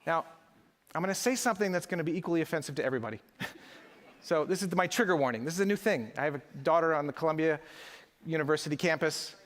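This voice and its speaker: A man's voice: on the high side, quick pace. A middle-aged man giving a live keynote speech at a conference, rhetorical and emphatic, working the audience. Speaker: conference speaker. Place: large conference hall. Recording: echoey conference hall.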